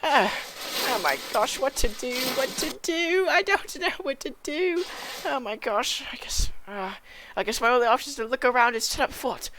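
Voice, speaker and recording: A woman's voice: sits high, expressive, moderate pace, a bit bright, slight background noise. A woman playing a frantic stranded time traveller. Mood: dazed. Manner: frantic, repetitive exclamations. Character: panicky male time traveller stranded on an island. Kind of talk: amateur comedic voice acting.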